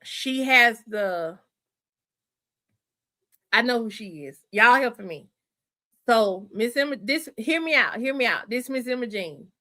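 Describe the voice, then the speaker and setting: A woman hosts a loose, chatty livestream with a bright, ringing voice. She thinks out loud, backtracks, and keeps turning to her viewers as y'all and honey. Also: fairly high pitch, lively intonation, measured pace, pauses often. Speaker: livestream host. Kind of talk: casual livestream chat with viewers.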